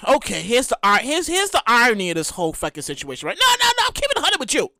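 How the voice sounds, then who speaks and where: A woman with a New York accent hosting a podcast, telling stories in a casual, animated, profane way with exaggerated reenactments. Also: a little high, quick pace, no room sound. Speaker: podcast host. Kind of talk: casual storytelling monologue.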